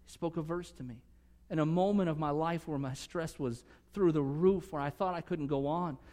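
A man preaching a sermon earnestly, swinging from emphatic conviction to soft, hushed moments. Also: a little high, normal speed, long reverb tail. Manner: earnest, rising to emphatic conviction, dropping to soft near-whispers. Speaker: pastor.

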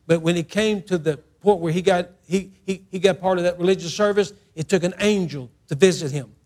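A man with a high-pitched voice preaching in a church. He is an emphatic middle-aged pastor who repeats his phrases and acts out each quote. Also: fairly quick, darkish tone. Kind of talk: sermon.

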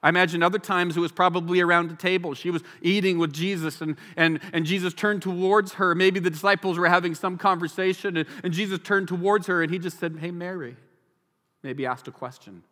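A man preaching a sermon as pastor, animated, acting out the people in the story. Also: high voice. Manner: animated, acts out the people in the story in quick voices. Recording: long hall reverb.

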